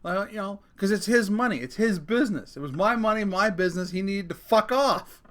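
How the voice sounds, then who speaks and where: A middle-aged man with a fairly high voice hosts a casual rant podcast. He jokes, swears freely and keeps talking straight to his listeners, tossing in little asides. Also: a little fast, a bit bright. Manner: profane, joking, talks straight to listeners. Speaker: podcast host.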